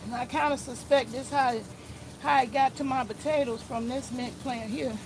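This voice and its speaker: A high-pitched woman talks casually to her viewers as she works outdoors in her garden, a little winded from the effort. She is recorded on a phone, with a faint hum of traffic and outdoor noise behind her. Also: fairly even intonation, normal speed. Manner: chatty, talks to viewers as "y'all" while spraying plants. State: slightly out of breath. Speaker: gardening vlogger. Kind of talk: casual narration while gardening.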